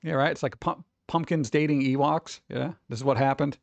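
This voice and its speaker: A man's voice: mid-range voice, steady tone, a little fast, creaky, dry recording, lo-fi sound. A man in his forties rambling casually as a stream host, chatty and wry, tossing in asides and muttered reactions.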